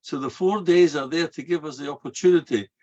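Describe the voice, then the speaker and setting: A man's voice: a little high, fairly quick, a little mellow. A man giving a sermon as a rabbi, telling stories and asking and answering his own rhetorical questions, peppered with Hebrew and Yiddish terms. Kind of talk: sermon to a live audience. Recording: dull lo-fi recording.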